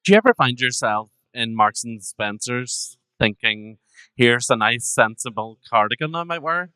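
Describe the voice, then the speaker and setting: A man's voice: mid-range voice, animated, moderate pace, bright, forceful tone, clear, resonant tone, no echo. A man hosting a live podcast, asking his guests playful, dry questions. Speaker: podcast host.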